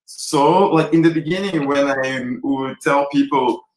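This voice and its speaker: A man's voice: a little high, measured pace, roomy sound, a little hiss or hum, low-quality recording. A man from Brazil speaking animatedly and rambling as a guest in a virtual film Q&A. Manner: animated, rambling, self-described extravagant. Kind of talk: virtual Q&A conversation.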